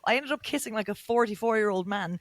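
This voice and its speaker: A woman's voice: mid-range voice, fast, no echo. Chatty Irish woman, dry close sound. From Ireland, Cork. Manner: chatty, jokey, tells stories with gusto. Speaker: podcast host. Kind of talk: casual chat.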